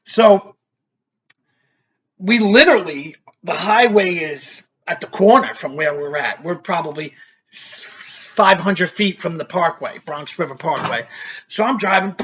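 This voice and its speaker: A middle-aged vlogger with a voice that sits high tells a story at a measured pace, and the recording's high frequencies are cut off. He's an animated, rambling storyteller who swears freely in a casual way.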